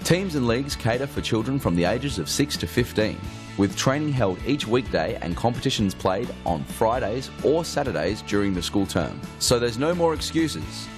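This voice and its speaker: A man's voice: medium pitch, sing-song, normal speed. A man reading a scripted advertisement in an upbeat, persuasive way. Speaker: advertisement voice-over. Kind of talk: scripted ad read. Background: guitar music.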